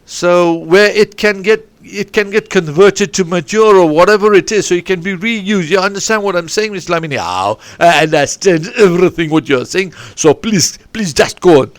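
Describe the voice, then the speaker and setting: Talking at normal speed with hardly any pauses, this high-voiced football and rugby coach from a sports academy rambles through a long podcast anecdote. It's recorded dry on a podcast microphone, and he keeps restarting and veering off topic.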